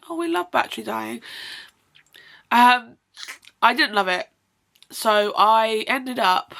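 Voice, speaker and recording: A woman's voice: medium pitch, creaky, a bit bright. A young woman chatting at home about the books she read, effusive and rambling, often breaking off to apologise. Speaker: book vlogger. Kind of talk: casual chatty book review.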